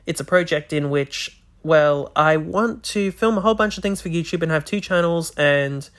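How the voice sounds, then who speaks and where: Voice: mid-range voice, normal speed, a bit bright. Rambling solo podcast host. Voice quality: slightly slurred words. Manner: rambling, with frequent restarts. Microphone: podcast microphone.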